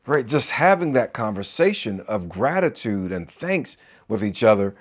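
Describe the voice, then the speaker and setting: A man's voice: lowish voice, very animated, moderate pace. A middle-aged man, a marriage coach, giving an encouraging talk to camera with preacher-like call-and-response asides.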